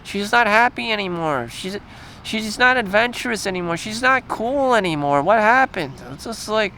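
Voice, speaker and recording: A man with a strikingly high voice vents in a crude, agitated rant, circling back to the same points and cursing often. He is outdoors, with faint traffic noise behind him. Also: expressive, moderate pace, bright, forceful tone. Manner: crude, repetitive, agitated rant with frequent swearing. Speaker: vlogger. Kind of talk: profane ranting monologue.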